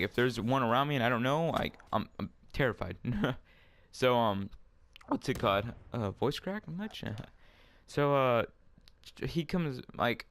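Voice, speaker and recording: A man's voice: medium pitch, a bit bright. A young man casually telling a rambling story, full of fillers and swearing, while playing a game at home. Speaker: storyteller vlogger.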